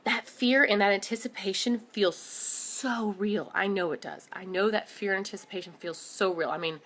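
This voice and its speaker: A woman in her thirties giving an animated, casual motivational talk to camera, often calling her viewers "guys". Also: medium pitch, moderate pace. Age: 30s. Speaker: motivational vlogger.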